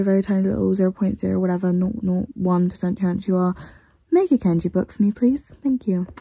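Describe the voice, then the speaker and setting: A teenage girl chatting casually in a reading vlog, gushing and excitable, swearing now and then, tired late at night. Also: medium pitch, vocal fry, breathy edge, dry recording. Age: teens. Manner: gushing, excitable, swears, mixes soft asides with loud outbursts. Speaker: reading vlogger. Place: bedroom at home with a fan running.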